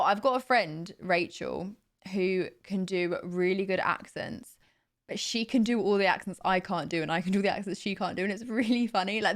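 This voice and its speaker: A young woman chatting casually on a livestream, rambling and full of "like" and "you know". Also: mid-range voice. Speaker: streamer.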